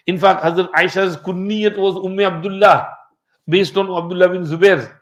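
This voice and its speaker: Brief: male religious teacher, storytelling lesson, fairly high voice. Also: steady tone, normal speed, fairly bright tone. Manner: storytelling, mixing in Urdu and Arabic terms. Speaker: Islamic teacher. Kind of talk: Quran commentary lesson.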